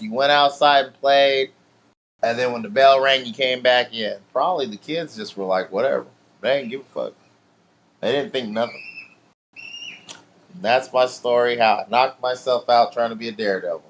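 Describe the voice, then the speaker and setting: A man's voice: medium pitch, muffled recording, a little hiss or hum. A man casually telling a childhood story, swearing freely and laughing as he goes. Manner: profane, laughing, animated storytelling. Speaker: channel host.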